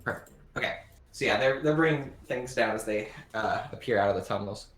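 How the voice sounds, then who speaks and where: Halting game master man, echoey room. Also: fairly low pitch, a bit bright. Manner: halting, with many fillers. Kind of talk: narrating a tabletop game. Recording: echoey room with faint background noise.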